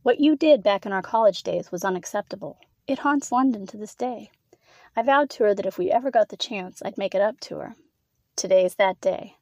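A woman voicing a stern female manager who speaks slowly and deliberately. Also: mid-range voice, darkish tone, no echo, close to an everyday voice. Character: stern female manager, former college classmate.

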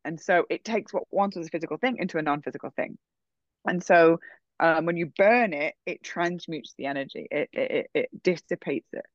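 A woman's voice: low-pitched, a little fast, no echo. Woman rambling thru a story, lots of likes and ums, dry dull audio. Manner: animated, frequent "like" and "um" fillers. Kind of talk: casual storytelling.

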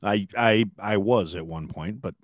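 A man co-hosting a podcast in casual chat, speaking haltingly with many restarts and a dry manner. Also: lowish voice, no echo. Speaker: podcast co-host.

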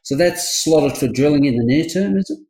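A man's voice: on the high side, lively intonation, normal speed, darkish tone. A man hosting an interview, asking questions with frequent fillers. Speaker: podcast host. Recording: roomy echo.

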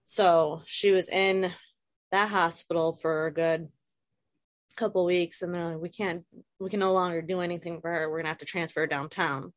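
Woman, 30s, low voice, dry sound, candid and emotional, video-call guest. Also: fairly even intonation, normal speed, dry recording. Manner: frank, emotional, swears casually. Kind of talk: candid personal conversation.

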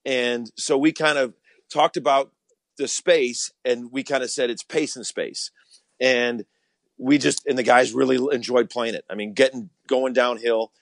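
A man's voice: mid-range voice, fairly even intonation, measured pace, dry recording. A man, a college basketball coach, answering interview questions earnestly, often repeating words as he starts.

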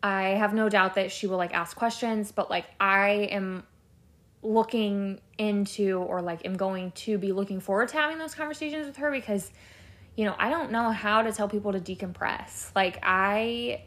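A young adult woman talks through her week on her own podcast, rambling and candid. She fills her sentences with "like" and "you know", swears now and then, and sounds at an ordinary middle pitch for a woman. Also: normal speed. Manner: rambling, filler-heavy, candid and expressive, swears casually. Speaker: podcast host, labor and delivery nurse. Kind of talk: casual solo podcast chat.

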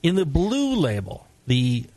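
A man's voice: fairly high pitch, huge pitch swings, unhurried, mellow, no echo. A man hosting a casual beer talk show, joking and teasing his guests. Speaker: podcast host.

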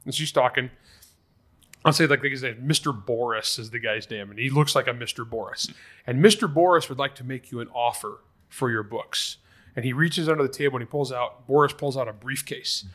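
A man with a bright, mid-pitched voice hosts a podcast. He tells his stories in a lively, casual way. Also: a little fast. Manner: lively storyteller. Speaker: podcast host. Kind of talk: casual anecdote telling.

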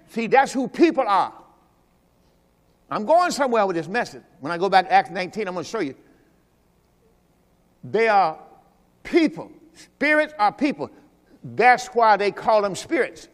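This pastor, a man with a high voice, preaches his Sunday sermon with a sing-song lilt at an ordinary pace, pausing often. Working through scripture, he alternates forceful urging with quiet, intimate asides, all ringing out in the church's long echo.

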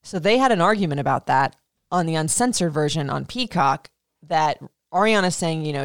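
Woman, podcast host, casual rant, gravelly, dry close recording. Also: sits low, moderate pace, dry recording. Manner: animated, indignant, swearing. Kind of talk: casual reality TV recap rant.

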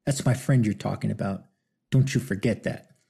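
A man voicing a frail elderly grandfather with a croaky voice, straining to speak up. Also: on the low side, moderate pace, mellow, full character voice. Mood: sharp. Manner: weak, hopeful, strains to speak up.

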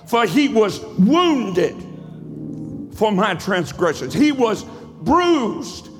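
A male pastor preaching a sermon in a rhythmic, cadenced style that swells into shouts. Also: high-pitched, big pitch swings, drawn-out words, big-room sound, over music. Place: church sanctuary.

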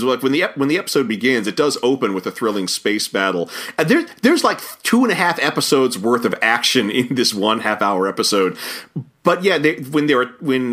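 A man co-hosting a casual podcast about an old cartoon series, lively and chuckling, often stumbling over names. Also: medium pitch. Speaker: podcast co-host.

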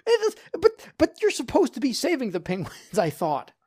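A man's voice: extremely high pitch, wildly swooping pitch, fairly quick, darkish tone, slightly rough. A man co-hosts a laid-back podcast about retro games. He laughs often and stumbles through his sentences, repeating words as he goes. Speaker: podcast co-host.

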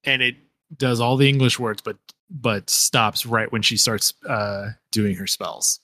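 A man's voice: mid-range voice, fairly even intonation, a little slow, sharp tone, no echo, clean studio sound. A man co-hosting a casual podcast chat, rambling with frequent restarts and fillers. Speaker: podcast co-host.

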